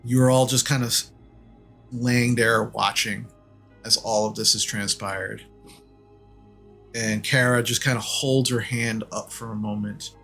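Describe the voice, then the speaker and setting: A man's voice: on the low side, steady tone, unhurried, pauses often, bright, forceful tone, soft background music. A man narrating a tabletop game as game master in a casual, loose way. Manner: casual, loose, many fillers.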